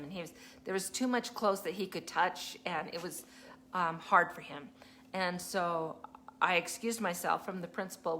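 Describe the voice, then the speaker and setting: A woman's voice: fairly low pitch, fairly bright tone, a little hiss or hum. A woman teacher giving a casual live talk, chatty and laughing often as she acts out kids and parents.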